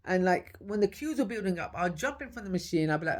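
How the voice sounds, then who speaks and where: A woman's voice: medium pitch, lively intonation, quick pace. Emphatic woman telling her story. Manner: emphatic, repeats key points, acts out dialogue. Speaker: podcaster. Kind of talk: casual storytelling monologue.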